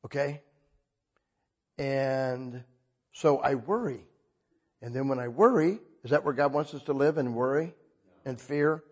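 An older man preaching a sermon in a husky voice, talking conversationally and asking the congregation frequent questions. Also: mid-range voice, measured pace, long pauses, darkish tone, lo-fi sound. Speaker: pastor.

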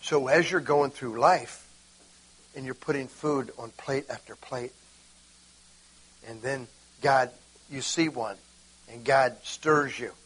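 A man preaching an informal sermon, animated and acting out conversations with God. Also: mid-range voice, slow pace, pauses often, breathy edge, rough recording.

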